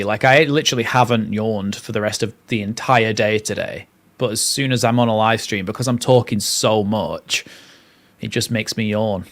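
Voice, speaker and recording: A man's voice: fairly low pitch, steady tone, moderate pace, a bit bright. A young man hosting a live watchalong, mixing play-by-play with chatty, rambling asides. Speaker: fan channel host.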